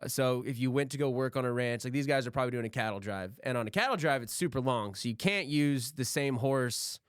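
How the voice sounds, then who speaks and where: A man's voice: mid-range voice, fairly quick, clear, resonant tone, dry recording, clean studio sound. A young man co-hosting a podcast, telling stories in a laid-back, profane, casual way. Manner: laid-back, swears freely. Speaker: podcast co-host.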